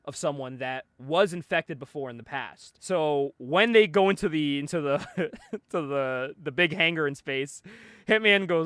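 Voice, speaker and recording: A man's voice: fairly high pitch, normal speed, smooth, no room sound. A man co-hosting a podcast, recapping a comic in casual chat, laughing often as he tells it. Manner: animated storyteller, laughs often, acts out quotes. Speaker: podcast co-host.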